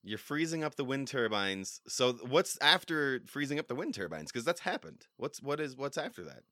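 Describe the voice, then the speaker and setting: A man's voice: mid-range voice, sing-song, normal speed, bright, forceful tone, no echo. A man hosting a comedy podcast, playful and rambling, often breaking into laughter. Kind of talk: casual comedy podcast chat.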